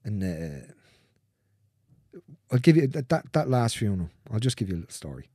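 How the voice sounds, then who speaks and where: A man speaking as a guest in a candid conversation, earnest and repetitive, swearing freely and dropping into soft, near-whispered phrases. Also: lowish voice, sing-song, moderate pace, husky, dry recording, studio quality.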